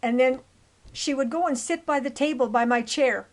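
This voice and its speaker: A woman's voice: sits high, moderate pace, low-quality recording. A woman in her seventies tells her own life story over old photos, earnest and rambling, with restarts and asides. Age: 70s.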